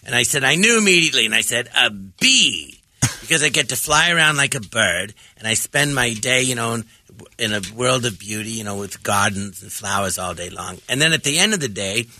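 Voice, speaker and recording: A man doing an impression of a famous gravelly-voiced older male actor, low and drawn-out, in a dry studio. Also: animated, sharp tone, no room sound, heavily acted. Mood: campy.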